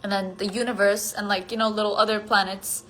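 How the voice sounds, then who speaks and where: A woman's voice: mid-range voice, flat delivery, brisk, slight background noise. A tired woman chatting casually on a livestream, answering fan comments and rambling with lots of filler words. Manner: rambling, many "like" fillers, drifting thoughts; drops to a soft near-whisper at times. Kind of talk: casual chat on a solo phone livestream.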